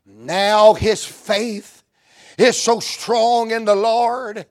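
A man with a Southern US accent preaching a fervent revival sermon in a church, moving from hushed talk to shouts. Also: high voice, very slow, no room sound, clean studio sound.

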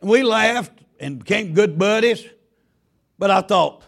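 A man preaching a sermon in a church. He is a loud, folksy Baptist pastor who tells stories with stammering restarts. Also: sits high, expressive, takes it slowly, creaky. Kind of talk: sermon with storytelling.

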